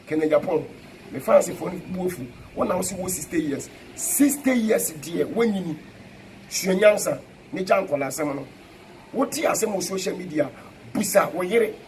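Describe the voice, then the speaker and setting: A middle-aged Ghanaian man answers a critic in a fiery, emphatic style, repeating his points to hammer them home. His voice sits a little higher than most men's. A faint hiss runs underneath. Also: rough recording. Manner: emphatic, repetitive, confrontational. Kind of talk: fiery spoken reply mixing Twi and English.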